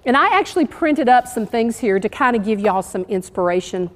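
An earnest, encouraging woman preaches to her congregation. Her voice sits fairly high and grows emotional. It carries a long reverb from the church hall. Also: expressive, a little fast. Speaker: church speaker. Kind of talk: sermon. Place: church sanctuary.

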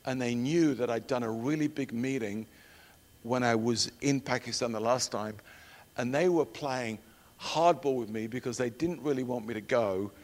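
A middle-aged man preaching a sermon and telling personal stories, shifting from loud emphatic declarations to hushed storytelling. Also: medium pitch, normal speed. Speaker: preacher and missionary trainer. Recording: long hall reverb.

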